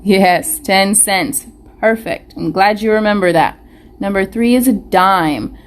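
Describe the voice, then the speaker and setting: This young preschool teacher, with a medium-pitched voice, takes her time teaching phonics live online to small children. She sounds out letters deliberately and answers her own questions, captured on a webcam or phone camera.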